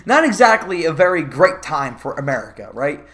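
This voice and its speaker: A man's voice: a little high, big pitch swings, normal speed, bright, forceful tone. A man giving a profane, sarcastic commentary rant about a movie, sounding exasperated. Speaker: movie reviewer.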